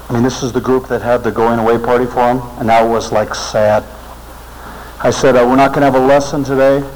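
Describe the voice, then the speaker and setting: A man's voice: mid-range voice, darkish tone, slight background noise, rough recording. A middle-aged man telling a personal story to a religious audience in an earnest speaking style. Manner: earnest storytelling, voice rising with emotion. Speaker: seminary teacher and speaker.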